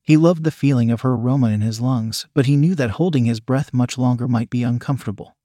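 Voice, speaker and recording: A man narrating a scripted story in a measured, steady reading manner. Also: mid-range voice, dry recording, studio quality.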